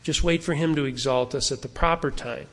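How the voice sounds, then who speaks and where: This medium-pitched male pastor preaches in a church where his voice trails off in a long reverb. Earnest and conversational, he plays out the objections people make, then eases into a slower, gentler prayer to finish.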